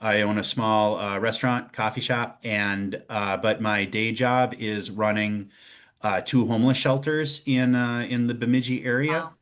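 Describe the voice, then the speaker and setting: Man, lowish voice, halting interview guest. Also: steady tone, a bit bright. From northern Minnesota. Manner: halting, restarts often while searching for words. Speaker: guest, local politician. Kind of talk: casual interview talk.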